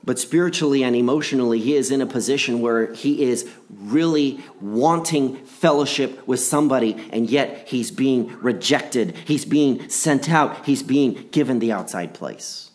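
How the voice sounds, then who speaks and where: Male preacher, gospel sermon; earnest, pitch climbs then sinks low for weight. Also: moderate pace, few pauses, darkish tone. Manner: earnest, repeats phrases for emphasis, swings between rising and dropping delivery.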